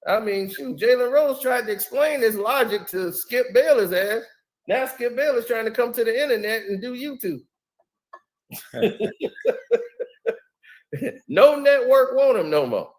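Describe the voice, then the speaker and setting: High-pitched man, streamer, casual slangy chat, laughs a lot, animated. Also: unhurried, long pauses. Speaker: live stream host.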